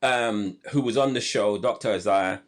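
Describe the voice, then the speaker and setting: A man's voice: on the low side, normal speed. A man hosting a live health podcast over a video call, talking enthusiastically and often restarting his sentences. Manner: enthusiastic, many restarts and fillers. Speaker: podcast host.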